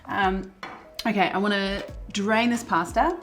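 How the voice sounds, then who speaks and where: A woman's voice: medium pitch, unhurried, music in the background. Chatty woman hosting a cooking show. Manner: chatty, relaxed, with fillers. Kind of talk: casual cooking demonstration. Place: home kitchen.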